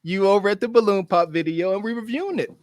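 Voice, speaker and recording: A man's voice: high-pitched, fast talker, no room sound, clean studio sound. A man from Pittsburgh co-hosting a podcast, teasing and laughing often in casual chat. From Pittsburgh, United States. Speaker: podcast co-host.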